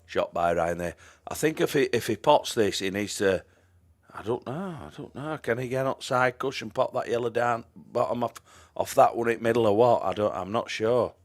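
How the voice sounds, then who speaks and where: A man's voice: medium pitch, normal speed. A man giving chatty live-stream commentary on a pool match, greeting viewers by name and trailing off into mumbled asides.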